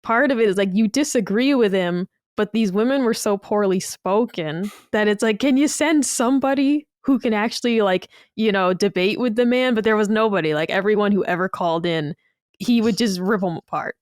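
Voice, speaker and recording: A woman's voice: mid-range voice, moderate pace, no echo, studio quality. A woman co-hosting a podcast, chatting casually and telling stories with lots of fillers. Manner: animated storyteller, frequent "like" fillers. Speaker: podcast co-host. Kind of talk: casual chat.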